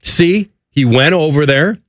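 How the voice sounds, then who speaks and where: A man's voice: fairly high pitch, measured pace, fairly bright tone. A man with a Midwestern American accent hosting a radio sports talk show, joking and teasing his co-hosts. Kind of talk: casual banter.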